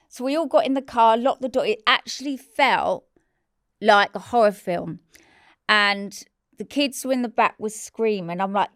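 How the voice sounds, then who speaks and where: A woman's voice: a little high, normal speed, no room sound, studio quality. A woman, a podcast guest telling a personal story in a blunt, candid way and swearing freely. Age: 40s. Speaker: interview guest.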